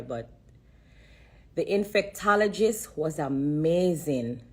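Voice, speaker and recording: This livestreamer's voice is fairly low and darkish with a breathy edge. Over a phone on a social-media live, she offers an earnest, emotional testimony, saying things more than once and holding back tears.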